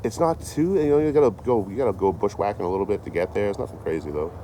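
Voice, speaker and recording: A man's voice: fairly low pitch, quick pace, warm tone, a little hiss or hum. A man chatting casually on a livestream, rambling and swearing, laughing often as he tells stories. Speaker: traveling livestreamer.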